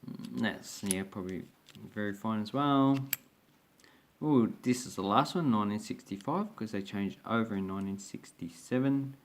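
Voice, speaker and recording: A man's voice: fairly low pitch, normal speed, slight background noise. A man hosting a coin collecting video, thinking aloud as he grades and values each coin. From Australia. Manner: thinks aloud while grading coins. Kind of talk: casual coin review narration.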